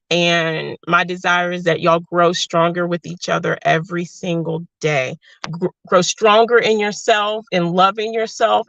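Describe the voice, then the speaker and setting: Woman, livestream host reading comments; warm and emotional, gravelly tone, dry lo-fi audio. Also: lowish voice, dry recording. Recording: dry, slightly dull lo-fi sound.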